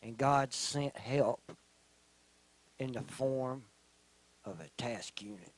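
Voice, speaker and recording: A middle-aged man tells his testimony before a church in a measured, unhurried voice. His delivery is earnest and plain, and he often sinks to a soft, quiet tone for the heavy moments. His pitch sits in an ordinary middle range. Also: rough recording. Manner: slow, earnest storytelling with quiet, soft-spoken stretches. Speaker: testimony speaker.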